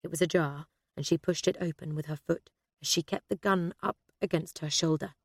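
A woman narrating an audiobook thriller in a steady, measured way. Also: fairly low pitch, dry recording, studio quality.

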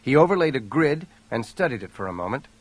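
A man's voice: mid-range voice, sing-song, quick pace. Man narrating a thriller audiobook. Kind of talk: scripted narration.

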